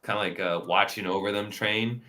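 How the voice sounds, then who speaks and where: A man's voice: lowish voice, steady tone, brisk, bright, forceful tone. A man hosting a casual review chat, rambling with lots of fillers and frequent laughs. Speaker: podcast host.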